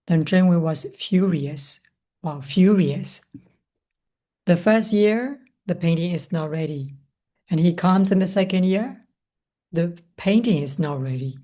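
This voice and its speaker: A woman teaching English, reading a story aloud slowly and stopping to explain new words, asking questions and answering them herself. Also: fairly low pitch, warm tone. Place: language school classroom.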